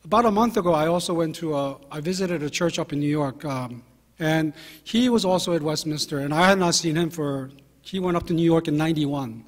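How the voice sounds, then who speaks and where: A man in his fifties, a pastor telling anecdotes in a relaxed sermon, with fillers and self-deprecating humor. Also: a little high, a little fast. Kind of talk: conversational sermon storytelling. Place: church sanctuary. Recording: long hall reverb from a church.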